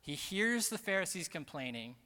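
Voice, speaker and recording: A man preaching a sermon as pastor, earnest and emphatic, slowing down to stress key phrases. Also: sits high, sing-song, bright, forceful tone. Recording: long reverb of a large hall.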